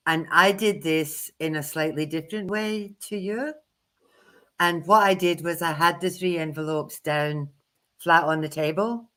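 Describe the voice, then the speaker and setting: A woman co-hosts a tarot livestream in a chatty, candid way, quick to poke fun at herself. Her voice is low for a woman. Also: a bit bright. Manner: candid, self-deprecating, chatty. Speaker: tarot reader co-host. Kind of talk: livestream teaching chat.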